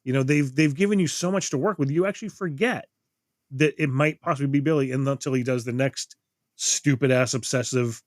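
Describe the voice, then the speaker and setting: A man's voice: medium pitch, brisk, dry recording, clean studio sound. A middle-aged man reviewing a movie in casual podcast chat, rambling, swearing freely and acting out quotes. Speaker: podcast co-host.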